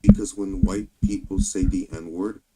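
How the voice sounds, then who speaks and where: A man in casual livestream chat who speaks haltingly, in hesitant fragments. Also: deep voice, wildly swooping pitch, heavy background noise. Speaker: co-host on a livestream.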